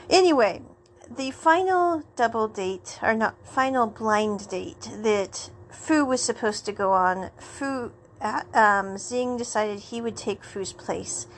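A woman hosting a casual chat show, rambling and laughing as she retells scenes. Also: sits high. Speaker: podcast host.

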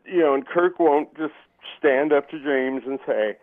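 Man guest, slightly high voice, swears constantly, rambles through anecdotes; phone-thin audio. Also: unhurried. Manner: profane, rambling, jokey, acts out quotes. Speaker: podcast guest. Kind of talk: casual storytelling chat. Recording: tinny phone-like line.

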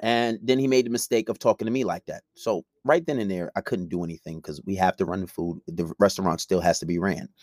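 A man's voice: low-pitched, steady tone, fast talker, few pauses, darkish tone, no room sound, clean studio sound. Blunt, profane man ranting. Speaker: podcaster. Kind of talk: monologue to camera.

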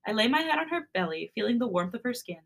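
A woman's voice: a little high, very animated, fast, creaky. Brief: woman podcast host, reads fanfic casually and chats in between. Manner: casual, chatty asides between reading. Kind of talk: reading romance fanfic aloud.

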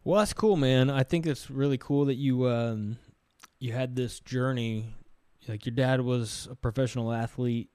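A man's voice: mid-range voice, moderate pace, clear, resonant tone, no echo. Young guy hosting a podcast, loose chatty vibe, pretty dry sound. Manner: chatty, relaxed, fond of acting out scenes. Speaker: podcast host. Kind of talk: casual conversational interview.

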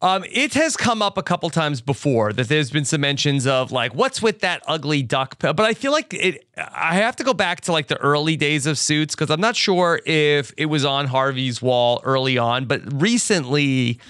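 A man's voice: fairly high pitch, lively intonation, moderate pace, hardly any pauses, a bit bright, no echo, studio quality. A man co-hosting a podcast in casual recap chat, curious and easygoing, asking questions. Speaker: podcast co-host.

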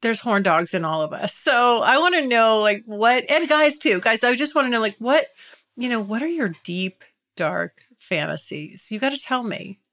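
A woman's voice: a little high, lively intonation, normal speed, a bit bright. Chatty woman host, candid and giggly. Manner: chatty, giggly, confessional, addresses listeners directly. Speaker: podcast host. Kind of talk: candid casual monologue.

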